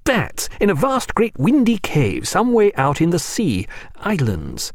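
A man voicing a courteous, formal gentleman who speaks with elaborate politeness, in an audiobook reading. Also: sits high, huge pitch swings, unhurried, no echo, studio quality, pitched above the performer's own voice, heavily acted. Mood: musing. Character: courteous male ship's surgeon, gentleman.

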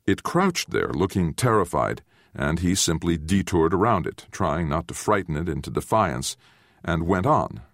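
A man reading a novel aloud as its narrator, in a measured, storytelling way. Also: sits low, no room sound, studio quality. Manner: measured storytelling with expressive, varied intonation. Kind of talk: audiobook narration.

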